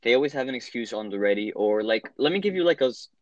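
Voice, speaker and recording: A man's voice: medium pitch, animated, fast talker, dry recording, highs cut off. Blunt young man ranting casually. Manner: blunt, swearing, heavy filler words. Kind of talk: casual chat.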